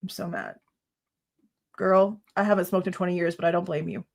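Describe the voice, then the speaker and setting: A woman's voice: on the low side, little pitch movement, fast, creaky. A woman hosting a live true crime stream, reading court documents aloud and ranting in exasperation, swearing freely. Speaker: true crime livestream host.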